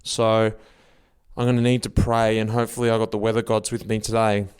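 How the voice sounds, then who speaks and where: A man's voice: fairly low pitch, little pitch movement, a little fast, a little mellow, smooth, dry recording, studio quality. Chatty Australian man on a ride. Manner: chatty, matey banter. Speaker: podcast host. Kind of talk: casual on-the-road chat. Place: outdoors on a bike ride.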